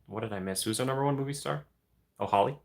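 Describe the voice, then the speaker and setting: A man's voice: mid-range voice, fast talker, gravelly. A man hosting a casual livestream, chatting and answering viewer comments. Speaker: livestream host.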